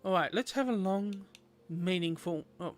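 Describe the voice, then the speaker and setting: A man's voice: high-pitched, normal speed. A young man chatting playfully with viewers while streaming a game. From Australia. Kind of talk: casual gameplay livestream chat.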